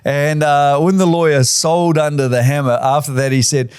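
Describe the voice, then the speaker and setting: A man's voice: mid-range voice, fairly even intonation, moderate pace, few pauses, a little mellow, smooth, dry recording, clean studio sound. A middle-aged man, a real estate boss giving tips in a chatty, enthusiastic way full of fillers. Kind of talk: casual instructional talk.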